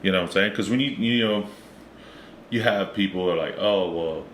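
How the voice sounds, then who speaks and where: A middle-aged Texan man co-hosts a podcast, his low, slightly bright voice moving a little fast through laid-back, profane casual chat. His Texas accent comes through clearly. The room is echoey with faint background noise.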